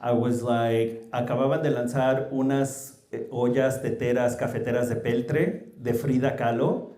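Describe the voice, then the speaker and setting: Male panel guest, with asides, warm low tone, echoey hall. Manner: mixes English and Mexican Spanish, lively anecdotes. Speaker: small business founder, panel guest. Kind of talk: animated panel storytelling.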